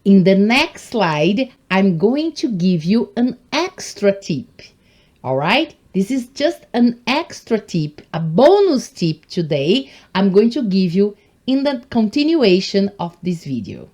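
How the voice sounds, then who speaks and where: Lively woman teaching English slowly. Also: medium pitch. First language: Portuguese. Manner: encouraging, addresses viewers as guys. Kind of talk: online English lesson.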